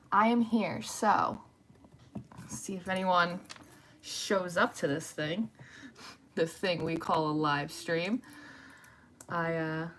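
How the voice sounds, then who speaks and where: A woman's voice: mid-range voice, a bit bright, slight background noise. Woman, casual home livestream host, rambly and chatty. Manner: rambling, chatty, greets viewers by name. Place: at home at night.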